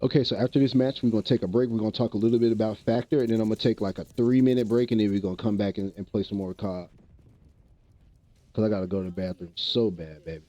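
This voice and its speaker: A man's voice: lowish voice, fairly even intonation, fast talker, warm tone, highs cut off. A man streaming live, chatting casually with viewers in loose slang and laughing often.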